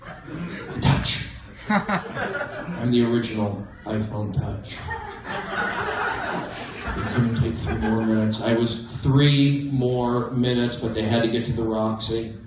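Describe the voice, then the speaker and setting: A man doing a stand-up comedy set in a comedy club, with a manic, erratic delivery that breaks into sudden loud outbursts. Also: mid-range voice, fairly even intonation, slow pace, long pauses, background noise. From American Southwest. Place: comedy club main room. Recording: roomy, distant livestream audio with crowd laughter.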